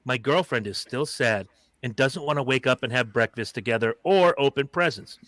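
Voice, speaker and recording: A man's voice: mid-range voice, normal speed, no room sound. A man hosting a casual comedy podcast, reading out a listener's story with sarcastic asides and plenty of swearing. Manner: animated, sarcastic, swears freely.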